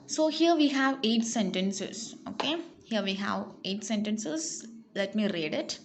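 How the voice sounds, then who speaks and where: Slow-reading woman English teacher. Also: a little high, expressive, a little hiss or hum. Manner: slow, careful reading of words and sentences. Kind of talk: online English lesson.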